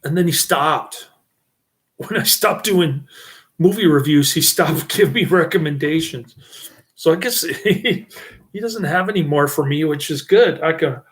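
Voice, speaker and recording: A man's voice: fairly high pitch, unhurried. A middle-aged man giving a casual, rambling channel update, often breaking into chuckles. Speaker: channel host.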